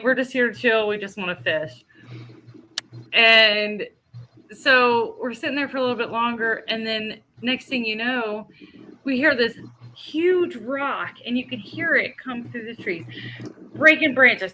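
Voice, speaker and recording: A middle-aged woman with a bright, fairly high voice, telling a story on a podcast in a casual, chatty way. She is animated, laughs often and acts out the lines of the people in her story. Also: unhurried, slight background noise. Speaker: podcast co-host.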